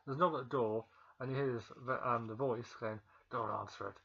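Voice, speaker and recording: A man's voice: mid-range voice, fairly even intonation, fairly quick, fairly bright tone, breathy edge. Rambling man, dull lo-fi sound. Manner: rambling, with many ums and restarts. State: feeling ill, pausing to cough. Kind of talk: casual film recap.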